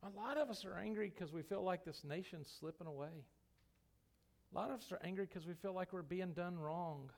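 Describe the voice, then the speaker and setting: A man's voice: sits high, brisk, creaky. A man, a pastor, preaching a sermon in church in a folksy, emphatic way with many restarts. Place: church sanctuary.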